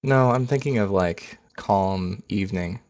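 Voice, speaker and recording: Deep-voiced male game master. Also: a little slow, darkish tone, no room sound. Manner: casual, self-correcting. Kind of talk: narrating a tabletop game.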